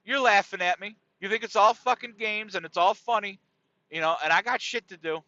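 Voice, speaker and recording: Guy doing a cranky older mom voice, raised pitch and loud, guilt-trippy, dull dry recording. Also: brisk, no room sound. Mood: annoyed. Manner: snappish, indignant. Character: irritated older mother, short-tempered and guilt-tripping.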